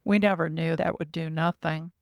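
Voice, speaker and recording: A woman's voice: low-pitched, steady tone, normal speed, no echo. Female guest, earnest vivid storyteller, dry close sound. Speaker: podcast guest. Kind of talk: recounting personal experiences.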